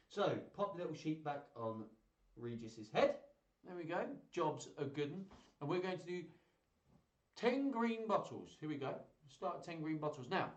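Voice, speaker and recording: A man's voice: fairly high pitch, lively intonation, unhurried, echoey room, lo-fi sound. A man hosting a children's singalong livestream, chatty and playful. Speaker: children's entertainer. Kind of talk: live-streamed kids' singalong chat.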